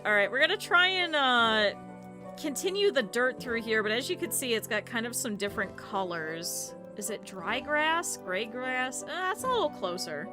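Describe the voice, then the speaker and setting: Woman streamer, slightly high, bright forceful voice, animated, swears a lot, faint music behind. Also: moderate pace. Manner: animated, profane, laughing often. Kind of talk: casual livestream storytelling.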